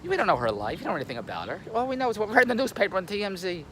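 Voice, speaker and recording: An older man, a YouTube commentator, talks to a camera on a tripod in a blunt, rambling monologue, repeating words and laughing at his own jokes. His high voice swings widely in pitch, he speaks very fast with a sharp tone, and there's a little hiss or hum.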